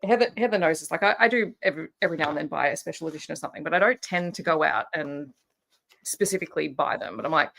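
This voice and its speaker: Lower-voiced woman musing on books. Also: lively intonation, very fast, creaky, fairly bright tone. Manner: thoughtful, restarts, quotes her own thoughts. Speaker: co-host. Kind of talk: casual live book chat.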